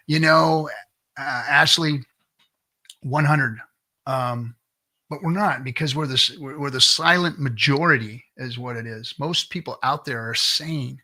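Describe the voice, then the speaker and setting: A man's voice: a little high, normal speed, pushed and bright. A middle-aged man hosting a casual livestream, ranting bluntly with lots of swearing and restarts, reading chat comments. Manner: blunt, profane, restarts often.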